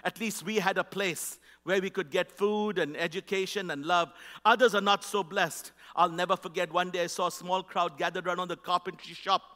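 Bright high-voiced man in an echoey hall. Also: steady tone, moderate pace. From India. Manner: storytelling, emphatic, rousing the audience. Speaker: charity vice president speaking to a church. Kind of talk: personal testimony in a church talk.

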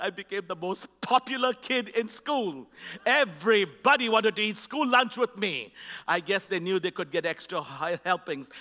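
A man's voice: high voice, bright, forceful tone. A man from India telling his life story as a church testimony, emphatic and rousing, speaking as a charity's vice president. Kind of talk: personal testimony in a church talk. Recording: echoey hall.

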